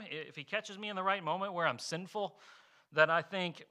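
Male pastor, sermon delivery; brightly edged, somewhat high voice, earnest, poses questions to the congregation. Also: a little fast. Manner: earnest preaching with rhetorical questions; explains with homely examples.

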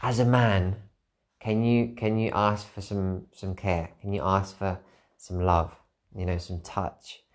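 A podcast host talks alone, slowly, in a low-pitched voice that barely moves in pitch. Tired and candid, he rambles reflectively and repeats phrases for emphasis.

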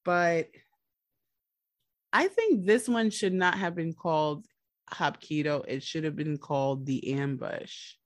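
Recapping a drama series on a podcast she co-hosts, a woman speaks slowly in a low voice. The studio sound is clean with no room noise, and she tells the story animatedly, performing each quote.

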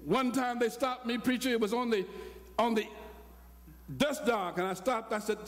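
An older man preaching a sermon, telling a story with acted-out dialogue and rising to shouts. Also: very high-pitched, steady tone, moderate pace. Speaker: pastor. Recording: long hall reverb.

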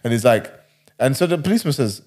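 A man's voice: mid-range voice, expressive, quick pace, a little mellow. A man casually retelling a wild story, rambling and slangy.

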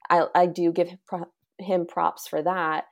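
A woman with a low voice chats casually on a podcast. Her voice is gravelly with vocal fry, and she rambles, filling her talk with "like". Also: flat delivery, a little slow. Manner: rambling, heavy use of "like". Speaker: podcast co-host. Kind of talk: casual chat.

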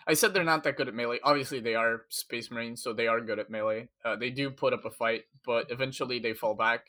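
A man's voice: medium pitch, fairly even intonation, quick pace, bright, forceful tone. A man casually recapping a story in a podcast chat, rambling with lots of fillers.

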